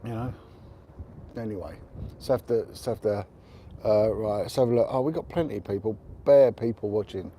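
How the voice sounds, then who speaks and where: On a windy rooftop, a middle-aged man runs a casual outdoor livestream, talking in a rambling, chatty way and sharing blunt opinions. His voice is mellow and medium in pitch.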